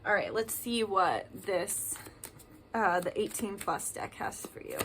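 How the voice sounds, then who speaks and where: A woman's voice: mid-range voice, takes it slowly, fairly bright tone, slight background noise. A woman giving a casual tarot card reading, chatty and reading card messages aloud with emphasis.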